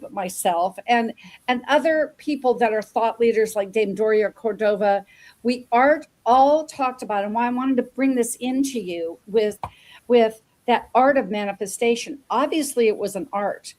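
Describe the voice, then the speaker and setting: A woman's voice: fairly high pitch, normal speed, a little mellow. Effusive woman hosting an interview show. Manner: effusive, repeats words, rambling asides. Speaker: show host. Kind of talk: enthusiastic interview chat.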